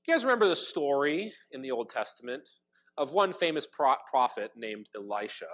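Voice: medium pitch, fairly quick, poor audio. A preacher retelling a Bible story in a casual, chatty sermon, acting out the characters. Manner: animated, chatty, acts out the characters.

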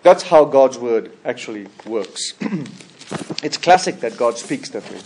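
A man's voice: expressive, measured pace, slight background noise. Emphatic preacher man with fluctuating delivery. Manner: emphatic, with sudden loud high bursts and trailing quiet endings; frequent restarts and repeated words. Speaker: pastor. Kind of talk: expository sermon.

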